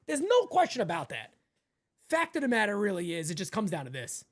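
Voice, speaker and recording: A man hosting a casual live sports talk show, emphatic and animated, swinging between loud bursts and quieter asides. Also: high voice, fairly quick. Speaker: podcast host.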